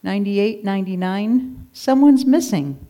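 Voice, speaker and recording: A storyteller voicing a kind, tired shepherd and father who calls to his sons in a calm, steady way. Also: medium pitch, normal speed, lightly acted.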